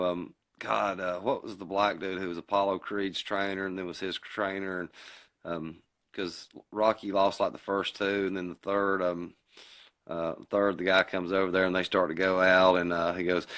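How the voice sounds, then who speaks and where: A man with a Boston accent, co-hosting a podcast, telling movie scenes in a casual, animated way. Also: low-pitched, moderate pace. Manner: animated storyteller acting out quotes. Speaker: podcast co-host. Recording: dull lo-fi sound.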